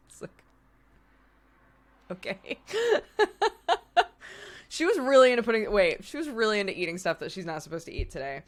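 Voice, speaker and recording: A woman hosting her stream, chatting casually about her day. Her pitch swings widely and animatedly as she tells stories. She laughs often and swears offhandedly. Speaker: streamer host. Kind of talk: casual chat.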